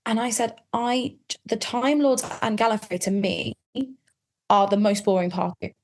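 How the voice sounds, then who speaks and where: A woman's voice: a little high, moderate pace, slight background noise. Chatty woman guest, reflective. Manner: chatty, reflective, self-qualifying. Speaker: podcast guest. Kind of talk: casual chat.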